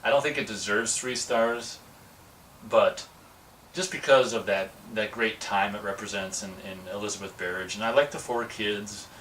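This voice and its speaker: A man's voice: lowish voice, fairly even intonation, normal speed, a bit bright. Rambling man reviewing a movie. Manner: rambling, digressive, acts out quotes. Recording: distant mic with faint noise.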